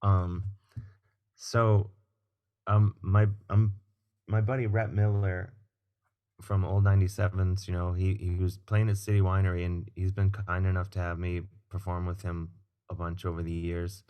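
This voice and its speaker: Low-voiced man telling animated stories. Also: measured pace, clean tone, lo-fi sound. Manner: animated, swears, acts out quoted people. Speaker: guest comedian and musician. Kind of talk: casual storytelling chat.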